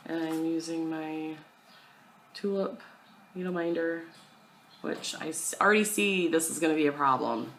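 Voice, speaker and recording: A woman's voice: deep voice, normal speed, pauses often, slight background noise, rough recording. A young woman chatting casually at home to her camera about her cross-stitch plans, self-deprecating and full of fillers.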